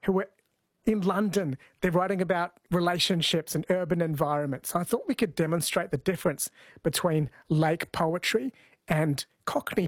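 A man's voice: a little high, dry recording. A man hosting a music segment, explaining history in an enthusiastic way. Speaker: host. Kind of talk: presenting a music show segment.

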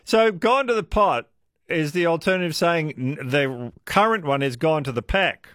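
A man with an Australian accent hosting a talkback radio show, chatty and quick to laugh. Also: a little high, no echo, studio quality. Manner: chatty, laughs easily, lively. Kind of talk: casual talkback radio chat.

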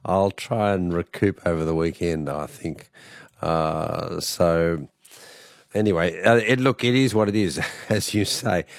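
An Australian man hosting a late-night radio program, with a croaky voice, chatting casually with fillers and chuckles. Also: low-pitched, measured pace, no echo. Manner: chatty, rambling, self-deprecating, with chuckles and fillers. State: croaky voice from a cold. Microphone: studio microphone.

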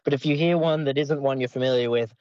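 A man's voice: medium pitch, quick pace, darkish tone, dry recording, highs cut off. A man with a PhD, interviewed on radio, explaining things with many hesitations. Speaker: language researcher guest.

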